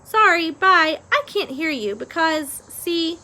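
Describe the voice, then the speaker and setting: Storybook figure, woman doing a dim servant girl, hard of hearing, rough working-class talk, bright voice. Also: very high-pitched, lively intonation, slow, a little hiss or hum, pitched above the performer's own voice, heavily acted. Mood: flustered. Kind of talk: storybook reading aloud.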